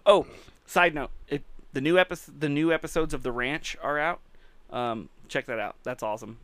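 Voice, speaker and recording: A man with a bright, forceful voice and a smooth, crisp tone, chatting casually as a podcast co-host. He jokes and swears freely. The sound is dry and close. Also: on the high side, moderate pace, no room sound. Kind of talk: casual chat.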